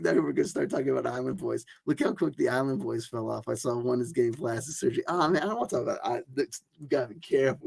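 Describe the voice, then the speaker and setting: A man with a gravelly, creaky voice talks in a loose, filler-heavy ramble, restarting his sentences as he goes. He sounds close to the mic in a dry room with no echo. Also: mid-range voice, darkish tone. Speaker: tarot channel host. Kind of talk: rambling casual monologue.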